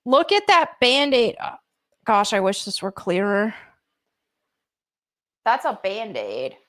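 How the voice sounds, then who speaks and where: An American woman streaming live from home, chatting excitedly as she unboxes collectible figures at her desk mic. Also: medium pitch, slow. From United States. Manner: excitable and gushing, with gasps and laughs.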